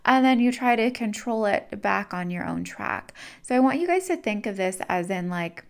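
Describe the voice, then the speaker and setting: A woman's voice: medium pitch, lively intonation, normal speed, vocal fry, smooth. A woman giving a casual spiritual teaching talk in a chatty, repetitive way, acting out little everyday dialogues as she explains.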